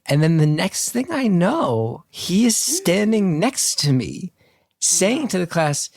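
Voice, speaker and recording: A man from North Jersey, the guest co-host, tells a story on a podcast over a video call, animatedly acting out the people in it and swearing freely. His voice sits high and slow, in a dry, studio-quality recording.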